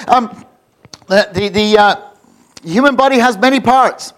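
A man's voice: sits high, animated, moderate pace, a bit bright, a little hiss or hum. A man giving an informal, jokey sermon, rambling with many restarts. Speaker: visiting preacher.

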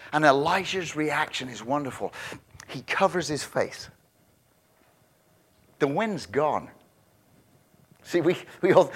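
A man delivering a sermon in an easy, conversational manner. His voice sits a little high for a man, and he doubles words as he drives a point home. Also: a bit bright. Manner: conversational, repeats words when stressing a point. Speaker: preacher.

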